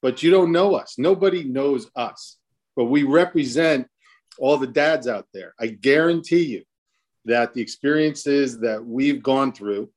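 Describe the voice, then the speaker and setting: Man moderating a panel, mid-pitched voice, casual and jokey, video call. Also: a little slow, a little mellow. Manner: rambling, jokey, with restarts.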